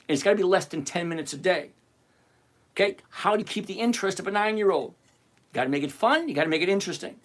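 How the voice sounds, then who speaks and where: A middle-aged man hosting a trading livestream, brash and teasing as he reads out chat questions. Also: high voice. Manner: brash, animated and teasing, reading chat names aloud. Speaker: livestream host answering chat questions on covered-call trading. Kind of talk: live-stream chat.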